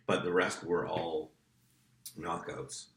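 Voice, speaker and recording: A man's voice: deep voice, little pitch movement, takes it slowly, creaky, a bit bright, reverberant, slight background noise. A man co-hosting a podcast, breaking down a fight in casual, eager chat. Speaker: podcast co-host.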